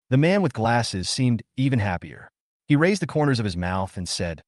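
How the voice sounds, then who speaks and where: A man narrating a comic story as a steady, scripted read. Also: medium pitch, moderate pace, no echo, studio quality.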